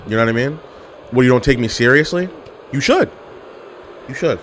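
A man's voice: mid-range voice, fast talker, a bit bright, a little hiss or hum. A young man giving casual gameplay commentary as a gaming YouTuber, full of playful trash talk and hyped outbursts at the game.

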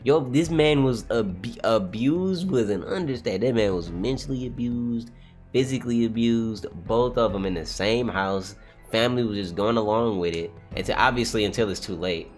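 A young man streaming a live read-along reaction, swearing freely and swinging from low mutters to high shouted outbursts. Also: normal speed, soft background music. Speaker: streamer reacting to a manga chapter.

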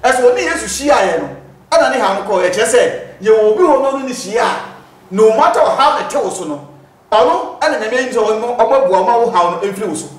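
A man's voice: sits high, expressive, fairly quick. A man from Ghana, a prophet, explaining spiritual matters in an interview with a preacherly manner that cites scripture. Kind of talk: teaching in an interview. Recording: roomy echo.

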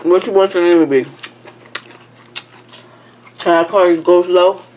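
A woman's voice: lowish voice, steady tone, unhurried, darkish tone, slight background noise. A woman hosting a mukbang, chatting casually while chewing and humming as she eats. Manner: talks while chewing, lots of hums of enjoyment. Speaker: mukbang host. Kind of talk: casual eating chat.

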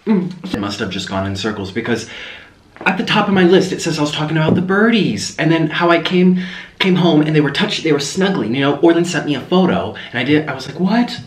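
A young man rambling through a casual eating-show chat, his voice sitting a little high and swinging up and down a lot. He talks between bites in a room that gives back a noticeable echo. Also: animated, fairly quick, a little hiss or hum. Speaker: mukbang host. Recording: roomy echo.

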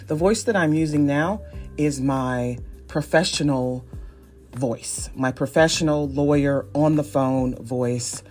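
Soft music plays in the background as this podcast host talks slowly in a deep, slightly mellow voice. She's a Northeast Ohio woman in her forties, chatty and self-deprecating, laughing a lot through her casual solo monologue.

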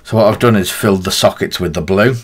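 A man's voice: deep voice, fast talker, slightly rough. A man chatting casually on a live stream while painting miniatures, thinking aloud in a rambling, half-mumbled way.

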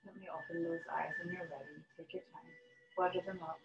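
A woman yoga teacher guides a meditation in a soft, slow, soothing way, leaving long pauses between instructions. Her voice sits fairly low. Faint music plays behind her. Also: steady tone, lo-fi sound.

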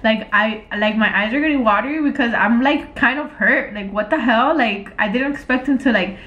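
A pregnant woman vlogging in casual chat, exasperated and expressive, with lots of fillers and swearing. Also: a little high, moderate pace, echoey room, highs cut off. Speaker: vlogger, prank channel co-host. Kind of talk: casual vlog chat while texting.

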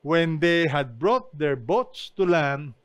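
A man's voice: fairly high pitch, expressive, slow pace, clear, resonant tone, no room sound. A man preaching an online sermon as pastor, emphatic and often asking his listeners questions. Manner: emphatic, asks the congregation questions.

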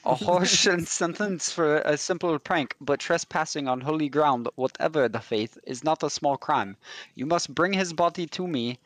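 Male streamer plays grave lord priest, faltering put-on French accent, higher register. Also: normal speed, fairly bright tone, no echo, lightly acted. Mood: pleading. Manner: stumbling fake French accent. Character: solemn middle-aged male lord priest. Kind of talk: reading game dialogue aloud.

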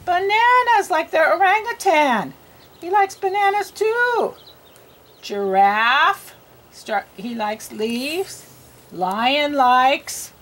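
A woman reading teacher gives a slow phonics lesson to young children, patiently sounding out letters and repeating each word. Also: high voice, big pitch swings, fairly bright tone.

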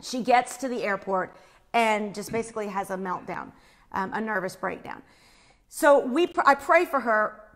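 A woman telling a personal faith story in an animated way, acting out the screams she describes. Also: mid-range voice, moderate pace.

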